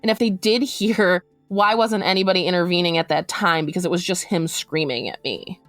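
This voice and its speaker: A woman recounting a distressing personal story for a podcast, talking quickly and acting out what people said. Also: lowish voice, fairly bright tone, no room sound, faint music behind. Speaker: interviewee recounting her story.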